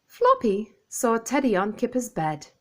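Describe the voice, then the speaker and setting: A woman reading a children's picture book aloud, clear and expressive for young listeners. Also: on the high side, a little slow. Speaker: storyteller.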